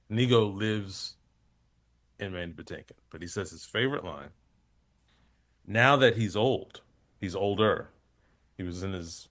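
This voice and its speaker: Deep-voiced male comedian guest. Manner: rambling, animated storytelling with many fillers. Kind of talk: casual chat.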